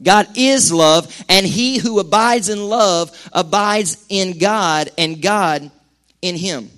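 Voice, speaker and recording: A middle-aged man preaching a sermon to a church congregation, animated and quick with acted-out asides. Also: high voice. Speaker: pastor. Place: church sanctuary.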